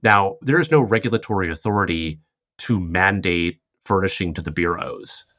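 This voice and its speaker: Deep-voiced man explaining fintech rules. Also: a bit bright, dry recording. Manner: explanatory, quick asides, laughs easily. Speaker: podcast guest, fintech commentator. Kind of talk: casual podcast chat, explaining regulation.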